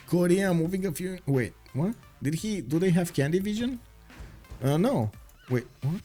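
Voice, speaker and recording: A man with a slightly high voice casting a strategy game live, full of fillers and restarts, reading chat messages aloud as he goes. His voice is getting worn and he says he is losing it. Faint music runs under him. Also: animated, normal speed, dark tone. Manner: rambling, filler-heavy, reads chat aloud. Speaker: esports caster.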